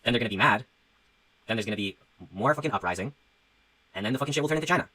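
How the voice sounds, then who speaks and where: A man's voice: medium pitch, expressive, very fast, bright, forceful tone, slight background noise, rough recording. A young man who talks casually and profanely as he rambles on a livestream, reading out donations and musing about his music. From Canada.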